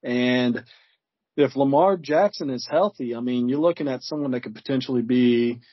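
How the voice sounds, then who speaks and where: A man appearing as a guest on a football podcast, rambling as he searches for names and fills pauses with "I mean". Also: medium pitch, dry recording. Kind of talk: casual sports chat. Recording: dull lo-fi remote audio.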